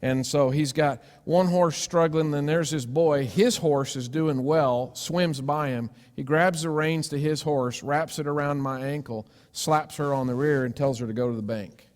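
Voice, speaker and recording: A man preaching a sermon, telling a personal story with sudden loud cries and hushed, gentle asides. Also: on the high side, a little slow, hardly any pauses. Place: church sanctuary. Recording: long church reverb.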